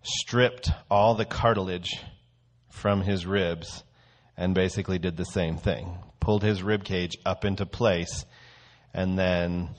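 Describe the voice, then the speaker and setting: Low-voiced man giving a casual sermon. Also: fairly even intonation, slow pace. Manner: conversational, storytelling. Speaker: church teacher.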